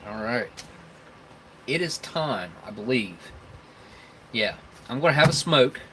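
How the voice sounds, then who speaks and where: A man's voice: medium pitch, lively intonation, slow, fairly bright tone, a little hiss or hum, poor audio. A man with a Southern rural American accent hosting a casual live stream, rambling and chuckling as he tastes snacks and talks with his mouth full.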